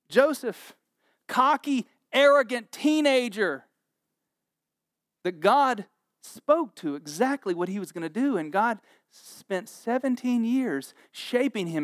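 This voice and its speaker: In a studio-quality recording free of room sound, a forties-aged pastor with a high voice delivers a sermon. He tells Bible stories humorously and animatedly, voicing the characters himself.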